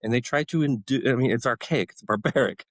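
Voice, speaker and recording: A man's voice: mid-range voice, a little fast, dry recording, low-quality recording. A man in his forties, a former special forces medic, telling his story as a podcast guest and acting out his own past outbursts. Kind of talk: storytelling interview.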